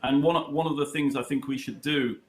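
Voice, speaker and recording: A middle-aged man from the United Kingdom, a chess charity head, answering interview questions in a halting, storytelling way with many fillers. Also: medium pitch, fairly even intonation. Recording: roomy echo.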